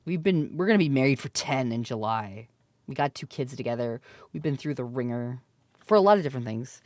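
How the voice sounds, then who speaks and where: A woman's voice: extremely low pitch, expressive, fairly quick, a little mellow, no room sound. A woman in her thirties, chatting playfully on a live stream, laughing often and swearing freely. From Canada. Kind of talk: casual live-stream chat.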